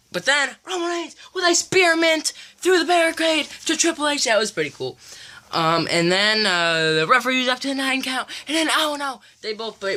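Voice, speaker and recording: A woman excitedly recapping a wrestling event in play-by-play fashion, her voice leaping high and loud at the big moments, with lots of ums and restarts. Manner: many fillers and restarts.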